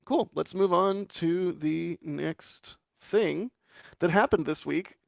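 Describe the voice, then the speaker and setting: A man co-hosting a casual live show, upbeat and quick to laugh, with many fillers. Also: a little high, creaky, dry recording, studio quality. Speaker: co-host.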